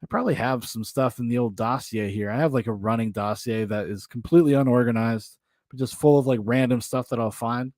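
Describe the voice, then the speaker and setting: A man's voice: medium pitch, fairly quick, darkish tone, dry recording, studio quality. A man hosting a podcast in loose, rambling casual chat, often laughing. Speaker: podcast host.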